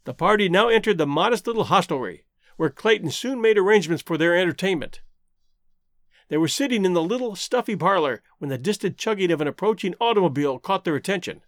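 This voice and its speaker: In a dry, close recording, a man narrates an old adventure novel as an audiobook, with an expressive and theatrical delivery. His voice sits high and moves around a lot.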